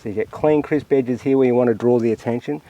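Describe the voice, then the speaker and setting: An Australian man with a mid-range voice talks quickly, and the highs in the recording are cut off. Painting outdoors in windy open country, he gives easy, reflective commentary on his work, relaxed and half talking to himself.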